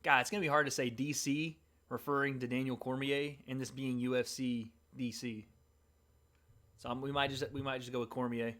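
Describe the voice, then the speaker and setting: A man hosts a livestream, giving casual, excited play-by-play as he reacts to a fight in real time. He calls the action in an everyday way, bursting into cheers at the big moments, with a medium-pitched voice at normal speed.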